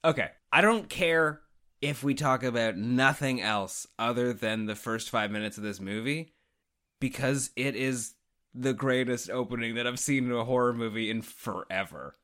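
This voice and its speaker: A man co-hosting a casual podcast, talking about movies in an animated, rambling way and swearing freely. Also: mid-range voice, moderate pace. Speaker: podcast co-host. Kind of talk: casual movie review chat.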